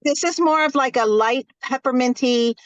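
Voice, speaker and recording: Woman guest on a podcast, fairly high voice, animated storyteller, dry muffled audio. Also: moderate pace, no echo. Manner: animated storyteller, laughs, fillers. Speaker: nurse and vendor guest. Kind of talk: podcast interview.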